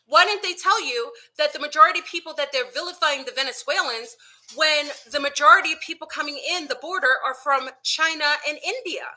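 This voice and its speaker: Brisk, bright and forceful, her high-pitched voice carries through an unscripted monologue recorded at home, dogs close by. This online commentator talks straight to viewers, firing rhetorical questions and calling them y'all.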